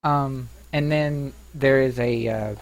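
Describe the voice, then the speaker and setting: A man's voice: mid-range voice, steady tone, slow, rough recording. A man narrating a tabletop game as game master, hesitant and full of ums. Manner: hesitant, with many ums and uhs.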